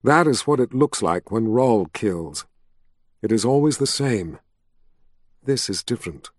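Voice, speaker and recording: A man reading aloud and voicing a grave young woman of authority who speaks quietly. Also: medium pitch, expressive, unhurried, no echo, studio quality. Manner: quiet and grave, sometimes whispering.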